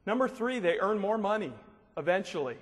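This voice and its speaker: High-voiced man joking on stage. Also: normal speed. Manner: joking, animated storyteller. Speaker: motivational speaker. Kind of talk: humorous keynote speech. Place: large hall with a live audience. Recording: long hall reverb, faint noise.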